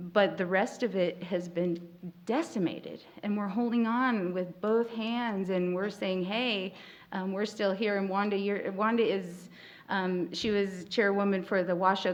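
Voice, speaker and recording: A woman moderating a panel discussion at a festival workshop, speaking in a heartfelt, halting way with many pauses and fillers. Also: mid-range voice. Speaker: panel moderator, tribal spokesperson. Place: festival workshop room, live audience.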